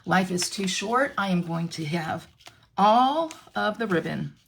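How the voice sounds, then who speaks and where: A middle-aged American woman talks through a live card-making tutorial in a chatty, self-deprecating way, her voice carrying a gravelly, creaky edge. A faint hiss of background noise sits under the recording. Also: fairly low pitch, animated, unhurried. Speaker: stamping demonstrator.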